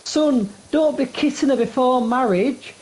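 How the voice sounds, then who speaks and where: A man's voice: very high voice, a little slow, a little mellow, pitched above the performer's own voice, rough recording. A man voicing a scandalized, prim older mother who scolds her son. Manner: shocked, scolding.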